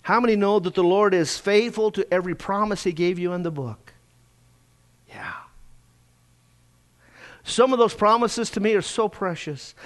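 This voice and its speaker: A middle-aged male pastor preaching a sermon in a church, telling his own story and swinging between loud urgency and hushed quiet. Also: sits high. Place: church sanctuary.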